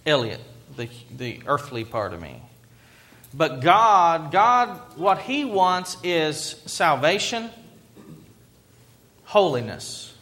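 A male pastor delivering a sermon in a slightly raised voice. He preaches earnestly and reflectively, letting his pauses carry each point. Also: a little high, a bit bright.

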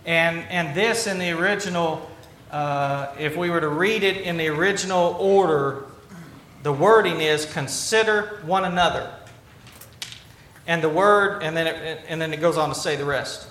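A man's voice: a little high, a bit bright, a little hiss or hum. A man preaching a conversational sermon in a church, often restarting and filling with ums. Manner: conversational, halting with restarts and fillers. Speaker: pastor. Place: church sanctuary. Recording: roomy church echo, faint ambience.

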